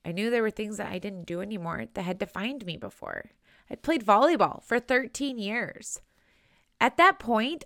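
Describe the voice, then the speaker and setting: A woman's voice: on the high side, no room sound. Young woman host, earnest chatty monologue, close and dry recording. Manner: earnest and chatty, with many likes and rights. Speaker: podcast host. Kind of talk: personal podcast monologue.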